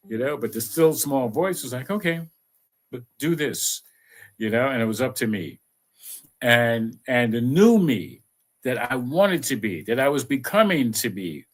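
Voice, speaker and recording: A man giving an unhurried, conversational spiritual talk and leading affirmations, with many "you know"s. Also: mid-range voice. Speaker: spiritual teacher.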